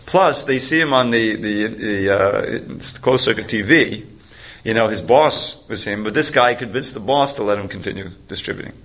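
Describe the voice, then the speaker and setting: Low-voiced man telling a rambling story. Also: normal speed, a bit bright. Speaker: speaker. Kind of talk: storytelling talk.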